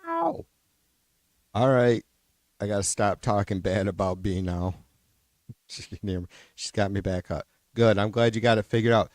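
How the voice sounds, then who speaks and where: Streamer, male, low and dry, profane rambling chat, unscripted. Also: steady tone, moderate pace, darkish tone, no echo. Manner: rambling and profane, with many restarts and trailing-off sentences. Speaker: livestream host.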